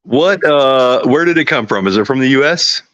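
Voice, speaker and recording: Casual Texas-raised man, bright pushy tone, lo-fi stream audio. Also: medium pitch, animated, moderate pace, dry recording. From Texas, USA. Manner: laid-back, swears and laughs easily. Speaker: podcast guest. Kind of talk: casual chat on a livestream. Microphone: video call.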